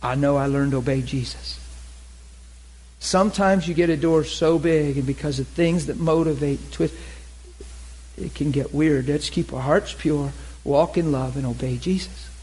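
A man preaching a storytelling sermon, talking conversationally and getting animated, with laughs and shouts at the peaks. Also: a little high, normal speed, husky, rough recording.

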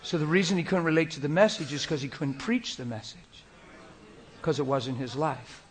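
A man preaching a sermon in an animated way, moving between loud acted quotes and hushed, whispered asides. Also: fairly high pitch, normal speed, soft background music.

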